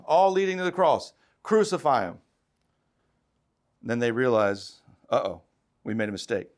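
Impassioned male preacher, higher-pitched voice. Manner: impassioned, rising to emphatic calls. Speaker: pastor. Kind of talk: sermon.

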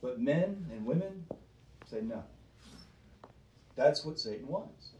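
A man's voice: mid-range voice, lively intonation, takes it slowly, a little mellow, a little hiss or hum. Emphatic preaching man, roomy and distant. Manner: emphatic, rhetorical questions, repeats himself. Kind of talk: preaching to a small group.

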